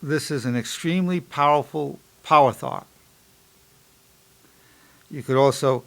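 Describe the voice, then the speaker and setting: Gravelly emphatic man in his sixties lecturing. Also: fairly high pitch. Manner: repeats affirmations slowly and softly during exercise. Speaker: psychologist lecturer. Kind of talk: instructional lecture with guided exercise.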